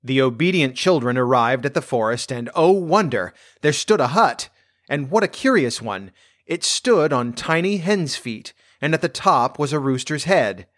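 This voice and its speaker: Male storyteller, mid-pitched voice, gentle fairy-tale reading, dry close recording. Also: animated, moderate pace, no echo. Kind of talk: fairy tale read aloud.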